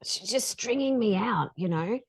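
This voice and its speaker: A middle-aged woman, a podcast guest telling a story in a casual, animated way. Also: mid-range voice, moderate pace, breathy edge. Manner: animated, acts out dialogue in her stories.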